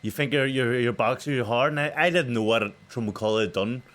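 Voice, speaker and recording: A man's voice: mid-range voice, brisk, fairly bright tone. A young male boxer co-hosting a podcast, telling a story in casual chat and laughing often.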